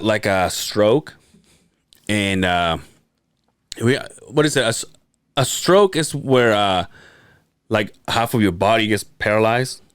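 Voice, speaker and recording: An animated man co-hosting a podcast, telling a story in a casual, profane way. His pitch swings widely as he acts out the people he quotes. The sound is dry and close to the mic. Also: clean tone, no echo. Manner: lively, swearing, acts out quoted voices. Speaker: podcast co-host.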